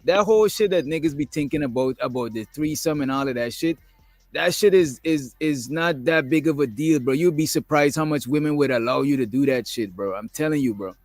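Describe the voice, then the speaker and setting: A man's voice: on the high side, brisk, no echo, soft background music. A man hosting a casual talk show, speaking emphatically and peppering his points with "bro". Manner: emphatic, keeps adding "bro". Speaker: host. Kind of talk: casual chat. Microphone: streaming call mic.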